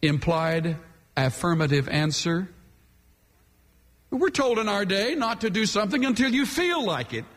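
Man, pastor, sermon, sweeping animated pitch, unhurried delivery. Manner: emphatic, dramatic preaching with sweeping pitch. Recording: long hall reverb.

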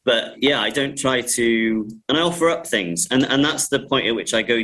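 A film director talking casually in an interview, rambling with many restarts and frequent laughs. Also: male voice, medium pitch, normal speed, hardly any pauses, bright, forceful tone, poor audio.

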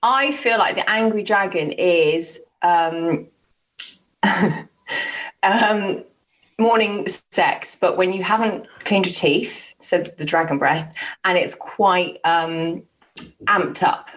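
A woman's voice: fairly low pitch, slow. A woman co-hosting a podcast, playful and giggly in casual chat. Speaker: podcast co-host.

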